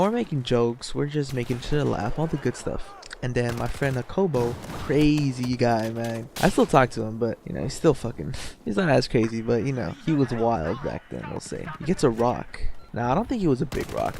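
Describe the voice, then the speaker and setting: A young man rambles through a story in a casual vlog, his voice sitting at an ordinary middle pitch. He swears freely and fills every pause with "you know" and "like". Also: vocal fry, a little mellow, slight background noise. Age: young adult. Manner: rambling and profane, full of "you know" and "like", laughing as he tells. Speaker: YouTuber.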